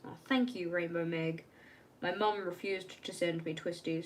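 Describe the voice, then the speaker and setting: A woman's voice: medium pitch, moderate pace, creaky, darkish tone. A young woman chatting casually on a live stream from home while she works on her journal, rambling and laughing at herself.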